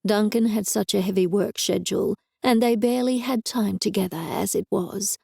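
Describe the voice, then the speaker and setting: A woman narrating a first-person cozy mystery audiobook in a measured storytelling way, recorded on a close studio mic. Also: mid-range voice, creaky, mellow, husky, no echo.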